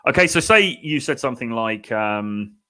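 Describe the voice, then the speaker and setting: A man coaching on dating in a relaxed, chatty way, full of "you know" and "okay?" asides. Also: mid-range voice, moderate pace. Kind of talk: casual advice talk to camera.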